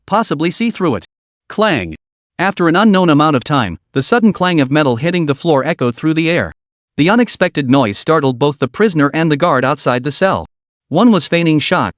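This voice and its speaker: A man reading a story recap as scripted narration, with dramatic storytelling. His voice sits a little high and rises and falls a great deal. The sound is close and dry. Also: no room sound.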